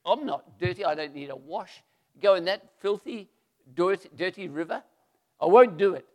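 A man's voice: a little high, normal speed, in a large hall, lightly acted. A man voicing a proud foreign general in a retold Bible story, pleading and then indignant. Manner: pleading, then loud and sulky.

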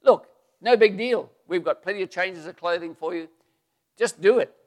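Man doing coaxing soldiers, urging, loud, fairly high voice. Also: moderate pace, long reverb tail, natural voice. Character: soldiers coaxing their stubborn general.

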